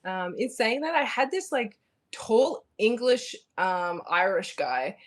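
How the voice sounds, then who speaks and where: A young Australian woman talking casually as an interview guest, animated and rambling with lots of fillers and restarts. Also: a little high, slow. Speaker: guest, bare-knuckle fighter.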